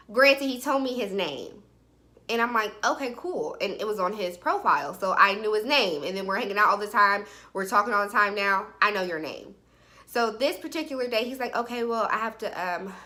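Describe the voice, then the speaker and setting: Bright-voiced chatty young woman. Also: a little high. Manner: chatty, animated, peppered with "like". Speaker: vlogger. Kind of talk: casual storytime chat.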